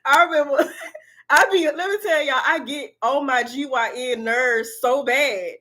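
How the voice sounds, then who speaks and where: A woman, a spiritual reader and channel host, telling animated stories straight to her viewers with lots of swearing and quick laughter. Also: high voice. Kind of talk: casual storytelling to viewers.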